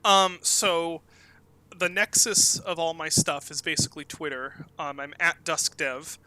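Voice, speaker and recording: A talkative man in his thirties chats casually as an interview guest, wandering through his thoughts with lots of ums and restarts. His voice is very bright and sits a little high for a man. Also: measured pace, no echo, rough recording. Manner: talkative, rambling with many fillers. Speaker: game developer guest.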